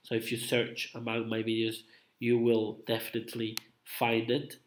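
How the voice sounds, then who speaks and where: A man's voice: mid-range voice, monotone, moderate pace, slight background noise. A man hosting a casual live stream, rambling and hesitant with many fillers, coughing from a cold. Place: home room at night. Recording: roomy echo.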